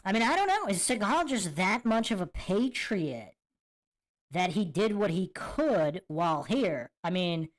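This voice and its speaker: Lively, incredulous woman podcast host. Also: medium pitch, unhurried. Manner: incredulous, rhetorical questioning. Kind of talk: reaction commentary.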